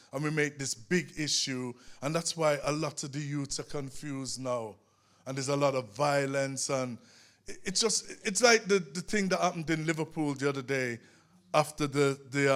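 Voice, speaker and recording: A man from Britain speaking passionately as a guest at a live panel discussion, often checking in with "you know what I mean". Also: fairly high pitch. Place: museum event space.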